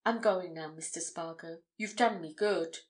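A woman reading the part of an anxious young woman who asks her questions softly and earnestly. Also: on the low side, moderate pace, natural voice.

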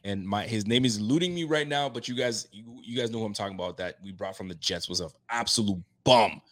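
A man hosting a casual sports podcast, animated and laughing, getting loud for emphasis. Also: on the low side, fast. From Haitian roots. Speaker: podcast host.

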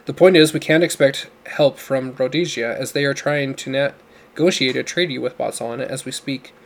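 A man voicing a gruff, commanding older father who talks in a booming, demanding way. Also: normal speed, natural voice. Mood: urgent, commanding.

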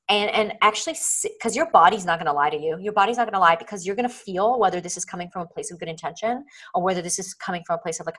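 A woman's voice: mid-range voice, fast, fairly bright tone, poor audio. A woman guest on a podcast talking casually and earnestly, full of fillers and acting out inner voices, over a video call. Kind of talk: casual interview chat.

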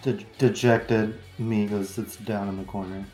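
Casual man at a tabletop game, low pitch. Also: fairly even intonation, unhurried, a little mellow, faint music behind. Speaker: player.

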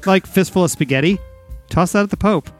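A man hosting a casual comedy podcast, with a teasing, deadpan delivery. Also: high voice, brisk, faint music behind. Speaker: podcast host.

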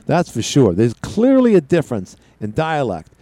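A man's voice: a little high, huge pitch swings, moderate pace, mellow. A man hosting a call-in talk radio show, rambling casually with frequent restarts. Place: radio studio.

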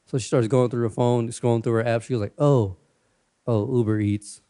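A man's voice: medium pitch, fairly even intonation, brisk, dark tone. A man co-hosting a podcast, chatting casually and telling crude stories with lots of laughter. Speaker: podcast co-host. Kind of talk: casual chat.

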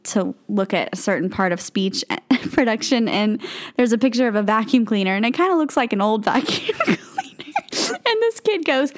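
Southern woman co-host, young adult, giggly storyteller, animated pitch. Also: normal speed. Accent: Southern American. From American South. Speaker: podcast co-host. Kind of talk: casual chat.

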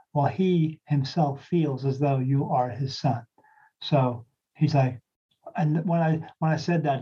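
A man who works as a spirit medium, chatting casually and rambling through a story, often clearing his throat. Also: fairly high pitch, muffled recording. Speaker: spirit medium, podcast co-host.

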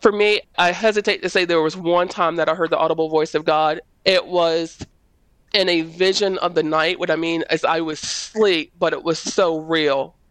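A woman speaking as a prophet, giving a personal faith testimony in a panel conversation. She tells it as an animated story and acts out the quoted voices in a high tone. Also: moderate pace, no room sound.

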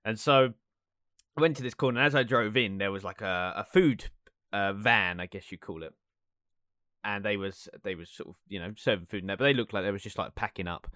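A man's voice: lowish voice, a little fast, pushed and bright, no room sound, studio quality. Rambling young guy. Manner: rambling, laughing often, many fillers. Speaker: podcast co-host. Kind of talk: casual chat, storytelling.

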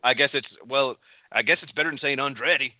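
A man's voice: mid-range voice, quick pace, dry recording. A man from Texas hosting a casual wrestling recap, talking in a rambling way with lots of fillers and restarts. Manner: rambling, filler-heavy, self-correcting. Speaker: podcast host. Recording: tinny phone-like line.

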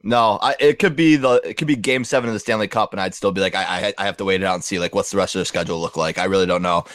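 A fast-talking self-mocking male guest. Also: deep voice, a bit bright, no room sound, clean studio sound. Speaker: recurring podcast guest. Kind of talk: casual podcast chat.

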